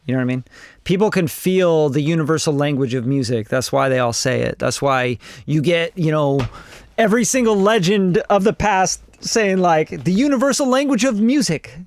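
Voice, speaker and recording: A man's voice: on the high side, moderate pace, dry recording. A man reviewing songs on a casual live stream, blunt and profane, often acting out other people's voices. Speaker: music producer reviewing songs.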